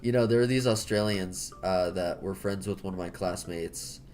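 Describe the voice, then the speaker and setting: A man's voice: deep voice, normal speed, darkish tone, soft background music. A man with an American accent chatting casually while he draws, rambling, jokey and correcting himself. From United States. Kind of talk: casual chat while drawing.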